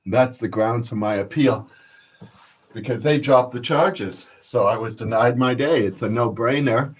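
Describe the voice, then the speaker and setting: A Canadian channel host rants casually to his viewers, telling boastful, profane stories and laughing a lot. His mid-range voice has a breathy edge and a measured pace.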